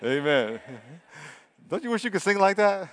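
A man's voice: sits high, normal speed. Preaching man in a reverberant hall. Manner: energetic, swings from loud to hushed. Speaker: pastor. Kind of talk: sermon.

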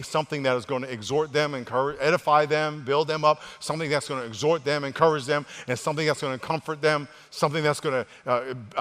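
A male pastor preaching a sermon. He leads the congregation in call-and-response, repeats words as he restarts, and moves between loud exhortation and hushed, quiet delivery. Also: a little high, steady tone, fast talker, hardly any pauses. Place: church sanctuary with congregation. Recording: long reverb of a large church hall.

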